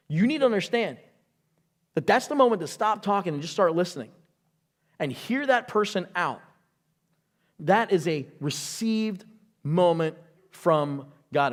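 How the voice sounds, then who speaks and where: Middle-aged guy preaching at church, chatty storyteller, slightly high voice. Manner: chatty storytelling with acted-out quotes. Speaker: pastor. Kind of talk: sermon. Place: church auditorium.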